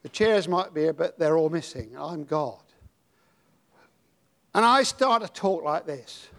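Older British male preacher, high-pitched and slow, dramatic delivery that swings from hushed to shouting. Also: animated. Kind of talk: sermon.

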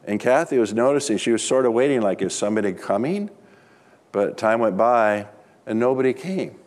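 A man's voice: medium pitch, fairly quick, a little mellow. A middle-aged man, a pastor, preaching a sermon with humorous personal stories in a chatty, conversational way.

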